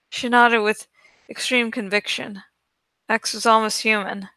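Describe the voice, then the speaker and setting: A woman's voice: a little high, steady tone, unhurried, bright, forceful tone, no echo. A woman reading a novel aloud and commenting on it, often stumbling and restarting her sentences. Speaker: book reader.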